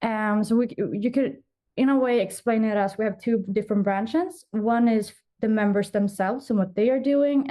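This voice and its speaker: A young Swedish woman giving a conference presentation over a remote call as vice chair of a youth astronomy association, explaining with frequent pauses. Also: on the high side, mellow. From Sweden. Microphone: remote call from an office.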